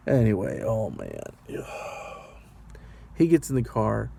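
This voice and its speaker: Male rideshare driver, vlog storyteller, mellow, rambly and nervous, rhetorical questions to camera. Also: on the low side, wildly swooping pitch, slow, creaky, husky. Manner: rambling, anxious, asks the viewer rhetorical questions.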